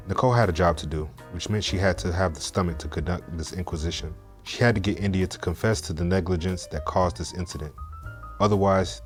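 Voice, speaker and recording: A man narrating a story in a steady, measured, scripted way. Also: sits low.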